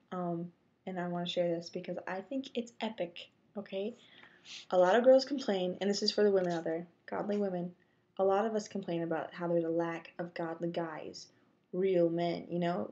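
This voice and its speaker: Gravelly-voiced young woman telling a story. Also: dull audio. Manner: animated, acts out her own inner thoughts in whispers and high squeaks. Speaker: vlogger. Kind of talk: casual storytelling vlog.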